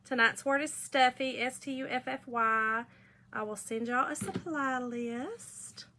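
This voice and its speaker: A woman's voice: high voice, unhurried, sharp tone. A middle-aged woman hosting a casual crafting livestream, chatting in a folksy way and reading out viewer comments.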